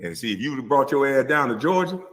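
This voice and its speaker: A man's voice: medium pitch, sing-song, fast talker, a bit bright. A man ranting on a livestream, profane, mocking and confrontational, laughing scornfully between lines. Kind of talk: heated livestream rant.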